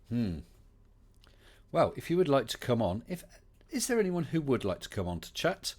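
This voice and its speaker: A man's voice: medium pitch, very animated, normal speed, pauses often, a little mellow. A man with an English West Country accent hosting a casual livestream chat, chatty and welcoming, with many fillers. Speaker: livestream host.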